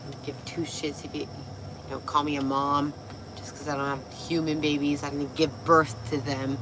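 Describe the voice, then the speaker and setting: A woman hosting a casual livestream, a little tipsy and hoarse, gushing and swearing as she reads viewer comments. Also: on the low side, pushed and bright, slight background noise. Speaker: livestream host.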